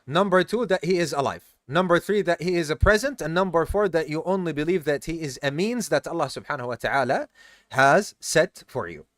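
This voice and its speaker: In a live classroom lesson, a tired Islamic studies teacher explains step by step, quizzes his students and mixes in Arabic terms. His voice is on the high side, animated and fairly quick, in clean studio sound with no room sound.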